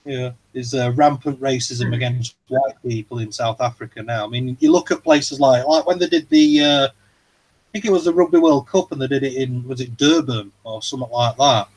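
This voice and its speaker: A man's voice: mid-range voice, normal speed, rough recording. Rambling man on a livestream. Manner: rambling and hesitant, full of fillers and swearing. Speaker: livestream host. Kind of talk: casual chat.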